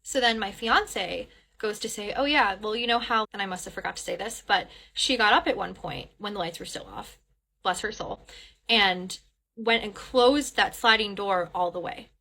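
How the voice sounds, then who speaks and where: A woman recounts a haunting in a loose, conversational way, her voice bright and clear. She stumbles and restarts, then plays out her own lines and others' in quotes. At the frightening moments she lets a swear word slip. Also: medium pitch, normal speed. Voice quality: animated retelling with quoted dialogue. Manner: rambling with frequent restarts and fillers; swears when telling the scary part. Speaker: guest storyteller. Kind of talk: casual first-person ghost story.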